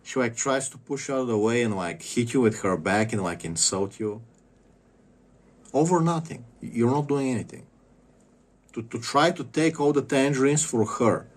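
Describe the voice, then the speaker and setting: A young man talking in a casual, rambling monologue, swearing often and stumbling over restarts as he rants. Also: medium pitch. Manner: profane, rambling, halting with restarts. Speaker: vlogger.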